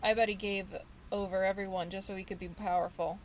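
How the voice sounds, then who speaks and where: A woman's voice: mid-range voice, little pitch movement, brisk, slight background noise, natural voice, low-quality recording. A woman reading the lines of a frightened young male ex-gang member who rambles nervously in street slang, in her own everyday voice. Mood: scared. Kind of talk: reading game dialogue aloud.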